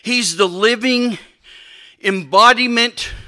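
Male preacher, high bright voice, slow animated sermon. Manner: animated, emphatic, many restarts and asides.

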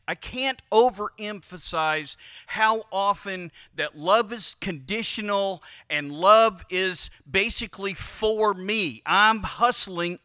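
A man preaching in a high, bright voice, talking to his congregation as if in conversation. He keeps prodding them with questions and stretches out the words he wants to land. The sound is dry and close. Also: no room sound. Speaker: pastor. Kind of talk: sermon.

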